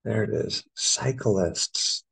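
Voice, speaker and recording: A middle-aged American English teacher works through test answers, spelling each word out letter by letter. His voice is low and gravelly, with a husky edge. He speaks at an unhurried pace. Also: expressive, pushed and bright, low-quality recording. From United States. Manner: slow, spells words letter by letter.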